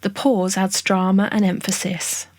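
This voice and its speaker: A woman giving a scripted songwriting lesson, explaining each term in a clear, measured, list-like way. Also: medium pitch, flat delivery, a little mellow, dry recording, studio quality. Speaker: songwriting tutorial narrator. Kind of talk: scripted educational narration.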